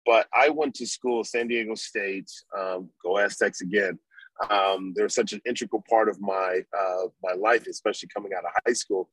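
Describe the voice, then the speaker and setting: A man's voice: on the low side, moderate pace, breathy edge, no echo, rough recording. A middle-aged man, a former pro football player, telling a long story in an interview and acting out what he was thinking back then. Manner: animated storyteller, acts out his own past thoughts.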